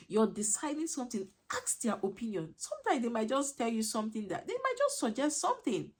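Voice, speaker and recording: A woman's voice: on the high side, sing-song, a little fast, hardly any pauses, husky. A woman giving earnest parenting advice as a coach, emphatic, repetitive and a little preachy.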